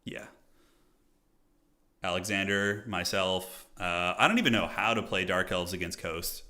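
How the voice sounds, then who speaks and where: Guy streaming, bright forceful tone, chatty and joking with chat. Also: deep voice, unhurried. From United States. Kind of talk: casual live-stream game commentary.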